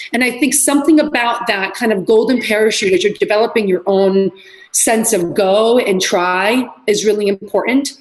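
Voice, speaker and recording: A middle-aged woman, a fitness trainer, telling lively stories in a casual podcast chat and acting out what people said. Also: medium pitch, rough recording. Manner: animated storyteller, acts out quotes.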